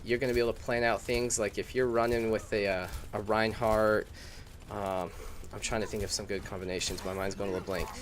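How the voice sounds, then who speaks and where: A man's voice: lowish voice, level tone, brisk, slight background noise. A young man giving casual gaming advice to his viewers in a chatty, informal way, full of fillers and restarts. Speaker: gaming YouTuber.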